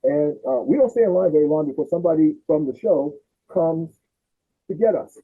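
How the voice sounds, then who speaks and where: Sharing family stories in casual conversation, a sixty-something podcast host animatedly does impressions of his relatives. His voice is a little high and brisk with a breathy edge, and the recording has a tinny, phone-like quality.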